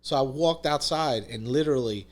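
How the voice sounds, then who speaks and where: Speaking at a normal pace in a mid-range voice, this podcast guest recounts a story in relaxed conversation. He's emphatic and curses without restraint, with "dude" and "literally" cropping up constantly.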